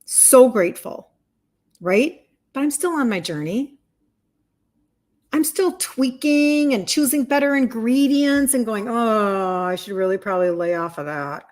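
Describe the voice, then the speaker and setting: A woman's voice: a little high, measured pace. A woman in her fifties, a health and wellness coach, chatting heartfelt and open on a livestream and reading viewer comments. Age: 50s.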